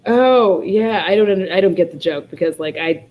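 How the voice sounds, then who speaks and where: A woman's voice: medium pitch, moderate pace, darkish tone. A woman hosting a casual livestream chat from home, who keeps breaking into helpless laughter. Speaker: livestream host.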